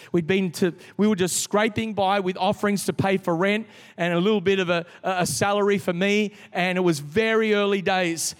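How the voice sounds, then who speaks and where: A middle-aged man preaching a sermon as a pastor, telling a story with lively restarts. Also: sits high, clear, resonant tone. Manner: storytelling, animated, with frequent restarts. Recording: long reverb of a large hall.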